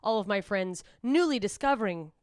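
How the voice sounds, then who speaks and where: Smooth-voiced woman doing stand-up. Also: normal speed, no echo, studio quality. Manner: rambling, self-deprecating, deadpan with sudden high squeals for quoted voices. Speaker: stand-up comedian. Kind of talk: stand-up set performed alone to a camera. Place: club stage streamed with no live audience.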